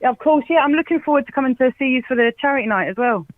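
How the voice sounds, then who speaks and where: A woman's voice: high-pitched, rapid-fire, no echo. Giggly Essex woman on a dull line. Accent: Essex English. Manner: giggly, chatty. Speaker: guest caller. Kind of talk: casual chat. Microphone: remote call. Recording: dull dry phone-like line.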